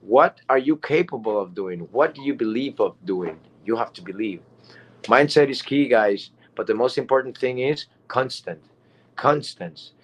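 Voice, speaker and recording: A man's voice: mid-range voice, animated, normal speed. Rambling man giving a pep talk. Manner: rambling, emphatic, repeats himself. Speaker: guest speaker. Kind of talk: motivational talk.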